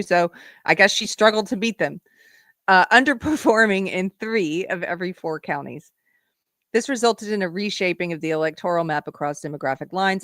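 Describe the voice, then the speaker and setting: Female host of a live commentary show: sarcastic, lively, a bit low-pitched, dry close sound. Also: dry recording. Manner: sarcastic, animated, laughs often.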